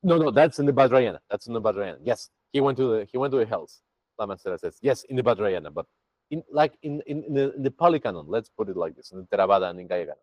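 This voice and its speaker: A man's voice: fairly low pitch, fast talker, dry recording, muffled recording. A man teaching a Buddhist practice to a group over a video call, chatty and full of restarts. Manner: lively, chatty, with many restarts.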